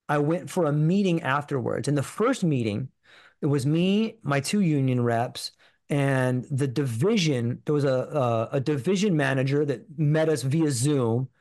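A man's voice: fairly high pitch, a little mellow. A man as a podcast guest telling his story candidly and emphatically, with lots of "like" and restarts.

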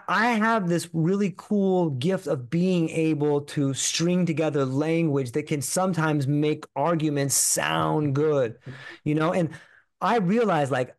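A man as a podcast guest telling his story candidly and emphatically, with lots of "like" and restarts. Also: fairly high pitch.

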